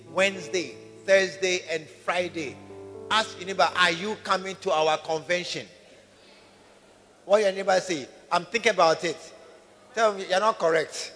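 A man preaching a sermon to his congregation, calling for responses and rising to shouts. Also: high voice. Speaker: pastor. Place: large church hall. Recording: reverberant hall with faint music.

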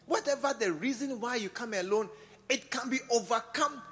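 A man with a Ghanaian English accent preaching a sermon in church, repeating phrases and swinging from quiet talk to loud exhortation. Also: very high-pitched, normal speed, faint music behind. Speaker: bishop preaching. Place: church service.

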